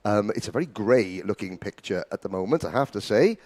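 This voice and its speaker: A man doing live karting commentary from a studio, chatty and jokey, quick to laugh. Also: lowish voice, lively intonation, a little mellow, no echo. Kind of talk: live race commentary and banter.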